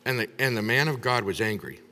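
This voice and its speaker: Guy preaching a sermon, storytelling and doing all the voices, big echoey hall, mid-pitched. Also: fairly quick. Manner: animated storyteller acting out the characters. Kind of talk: sermon retelling a Bible story. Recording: long reverb of a large hall.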